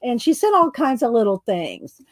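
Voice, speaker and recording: A chatty woman, a little higher-pitched than most, hosting a relaxed art-supply livestream. She rambles and giggles between thoughts. The sound is very dry and close, with no room echo. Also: normal speed. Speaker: art channel host. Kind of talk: casual livestream chat.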